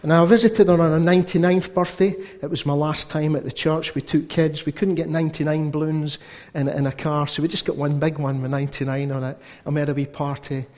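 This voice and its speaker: A man's voice: a little high, flat delivery, brisk, darkish tone. A man preaching a sermon as pastor, telling stories with asides. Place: church hall. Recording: dull sound with long hall reverb.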